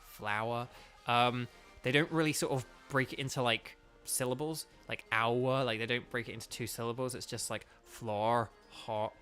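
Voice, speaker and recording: A man's voice: mid-range voice, pushed and bright. A man with a Northern Irish accent giving casual let's-play commentary, rambling with lots of fillers and restarts. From Northern Ireland. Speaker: gaming YouTuber and voice actor.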